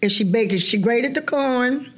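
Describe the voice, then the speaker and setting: Lively, high-voiced New woman. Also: normal speed. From New Orleans, USA. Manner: animated storytelling, quoting people, laughing often. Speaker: guest historian. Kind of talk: casual interview chat.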